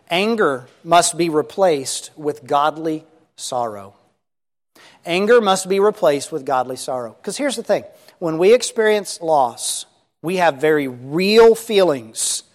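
Male preacher, high voice, earnest, emphatic, repeats points, long hall reverb. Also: expressive, slow. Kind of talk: sermon.

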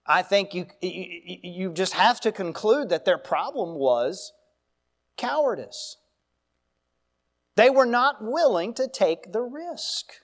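A man's voice: high voice, very animated, takes it slowly, fairly bright tone. A man preaching a sermon as pastor, mixing scripture reading with folksy asides and storytelling. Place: church.

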